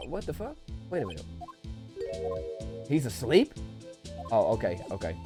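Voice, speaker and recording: A young man streaming a game live, making loud, jokey comments with sudden jumps up in pitch. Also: huge pitch swings, measured pace, pauses often, soft background music.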